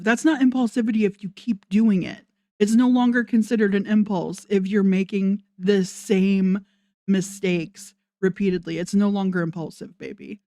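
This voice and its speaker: A woman's voice: medium pitch, a little slow, dark tone, dry recording, clean studio sound. A woman giving sarcastic reaction commentary, laughing between her points. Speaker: commentary host.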